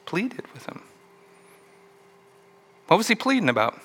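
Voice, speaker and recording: Bright-voiced male preacher telling a story. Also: sits high, sing-song, unhurried, long pauses, slightly rough. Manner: storytelling, asks the listeners questions. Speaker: pastor. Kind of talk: sermon.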